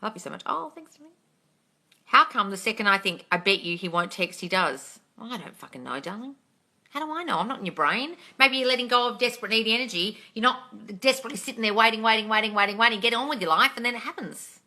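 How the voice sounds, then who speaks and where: A woman's voice: fairly high pitch, expressive, fast talker, sharp tone. A young woman coaching on a phone live stream, blunt and swearing freely as she answers comments. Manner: blunt, swears freely, ranting then laughing. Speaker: manifesting coach.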